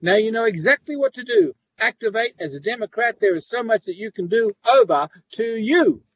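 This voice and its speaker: A man's voice: high voice, lively intonation, fairly quick, fairly bright tone, lo-fi sound. A man performing a rhythmic, rhyming spoken word poem at an open mic. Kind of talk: spoken word poetry reading.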